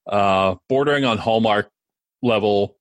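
Chatting casually as a podcast co-host, this man rambles along with many fillers and restarts. His voice is lowish and a little slow, and there's no echo.

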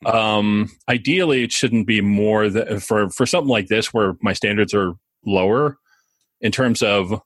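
Low-voiced man explaining, dry sound. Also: a little slow, no echo. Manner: explanatory, chuckles while talking. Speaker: podcast co-host. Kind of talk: casual chat.

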